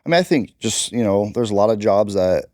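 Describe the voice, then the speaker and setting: Interview guest, man, Marine combat veteran, very low and dark voice, blunt and emphatic. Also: expressive, brisk, no room sound, studio quality. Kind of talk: candid interview talk.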